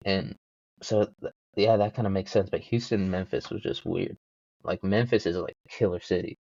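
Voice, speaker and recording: A man's voice: sits low, fairly even intonation, moderate pace, vocal fry, mellow, no echo, highs cut off. Rambling, profane young man. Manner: profane, self-mocking, rambling. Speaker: podcast host. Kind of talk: casual rambling solo podcast.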